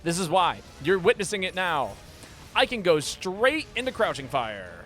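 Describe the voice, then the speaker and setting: A man live-streaming a game, talking casually and playfully, often stumbling and repeating words when excited. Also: sits high, normal speed, soft background music.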